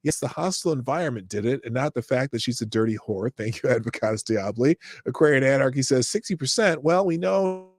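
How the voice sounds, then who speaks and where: A middle-aged man hosting a live-stream news commentary show, reading stories and chat with sarcasm and breaking into shouted rants. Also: mid-range voice, expressive, fairly quick, hardly any pauses, no echo, clean studio sound.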